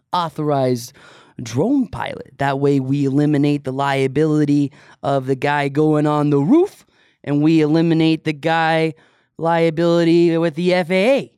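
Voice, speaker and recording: A man's voice: on the high side, mellow, clean tone, no room sound, studio quality, natural voice. A man putting on a middle-aged New York tough guy with a New York accent, swaggering and mock-threatening. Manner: swaggering, mock-threatening, leaning on "you know".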